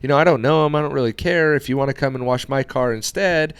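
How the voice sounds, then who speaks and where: A man's voice: medium pitch, fast, smooth, dry recording, pitched above the performer's own voice, natural voice. Chatty, blunt office woman, quoted by a man, offhand and slightly raised.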